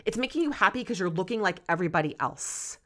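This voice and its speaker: A woman's voice: mid-range voice, expressive, fast talker, sharp tone. A woman in her forties hosting a solo podcast, talking candidly and passionately and swearing freely. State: close to tears. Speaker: podcast host.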